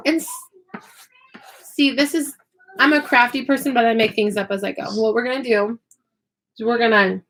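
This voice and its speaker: A woman's voice: fairly high pitch, brisk, pauses often, fairly bright tone. A woman, an online English teacher and YouTuber, chatting on a live stream while crafting, chatty, apologetic and self-deprecating.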